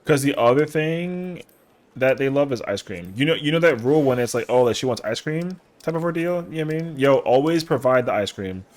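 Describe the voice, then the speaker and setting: A man's voice: medium pitch, expressive, a little fast. A young man streaming an online game, chatting casually and making playful, boastful jokes full of slang. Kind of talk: casual chat while gaming.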